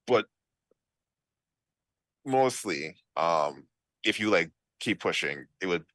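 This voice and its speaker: A man narrating as game master for a tabletop role-playing game, talking in a relaxed, conversational way with frequent fillers. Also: deep voice, unhurried, pauses often, dry recording.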